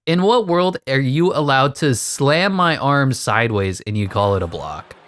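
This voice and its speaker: A man giving sarcastic, exasperated commentary over his own basketball video game play, jumping up high when he gets annoyed. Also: animated, normal speed, fairly bright tone. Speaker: gaming commentator. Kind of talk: live gameplay commentary.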